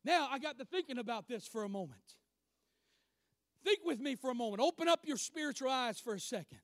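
High-voiced emphatic male preacher. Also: animated, brisk, dry recording, clean studio sound. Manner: emphatic, swings from loud declarations to quiet asides. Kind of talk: sermon.

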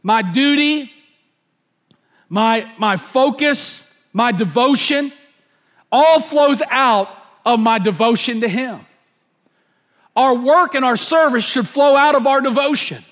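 A pastor delivers a sermon in a notably high voice for a man. He hammers his points home through repetition and brings the story to life by acting it out. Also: slow pace, long pauses, fairly bright tone. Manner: repetitive, emphatic, acts out scenes.

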